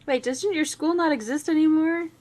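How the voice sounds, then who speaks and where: A woman's voice: high voice, normal speed, darkish tone. A woman co-hosting a casual chat who laughs often, jokes around and reads viewer comments aloud. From Pittsburgh area. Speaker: podcast co-host.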